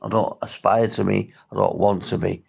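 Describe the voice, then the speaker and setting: A man's voice: lowish voice, steady tone, normal speed, darkish tone. A man from St Helens with a Merseyside accent, talking bluntly on a livestream about drug recovery, swearing often and restarting his sentences. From St Helens, England. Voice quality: gravelly, husky. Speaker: recovery vlogger. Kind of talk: livestream talk to viewers.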